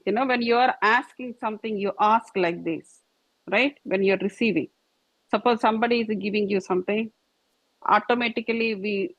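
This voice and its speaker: A woman's voice: medium pitch, no room sound. A woman teaching a yoga and meditation class, patient and repetitive as she shows each posture. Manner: patient, repetitive, demonstrating with gestures. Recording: dull lo-fi dry recording.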